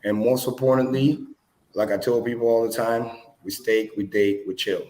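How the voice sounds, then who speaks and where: A man's voice: medium pitch, steady tone, moderate pace, darkish tone. A man speaking as an upbeat livestream guest, repeating words for emphasis. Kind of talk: motivational livestream talk. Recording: roomy echo.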